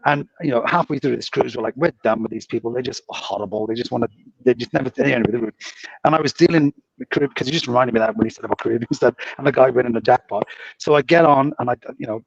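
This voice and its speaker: A man's voice: medium pitch, fast talker, vocal fry, husky, no room sound. A man, a casino dealer, casually telling rambling anecdotes on a podcast. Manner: rambling anecdotes with frequent laughs. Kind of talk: casual storytelling. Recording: dull lo-fi audio.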